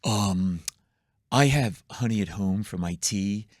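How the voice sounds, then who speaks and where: A man's voice: lowish voice, slow, no echo, studio quality, voice pushed down. A man voicing a fussy, overly sensitive grown man who complains in a prim, whiny way. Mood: prim complaint.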